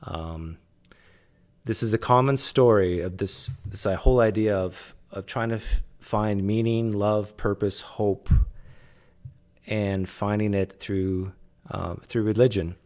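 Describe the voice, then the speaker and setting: Lower-voiced man musing in casual commentary. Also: fairly even intonation, slow pace, a little mellow. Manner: thinking aloud, with many fillers and restarts. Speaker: video commentator.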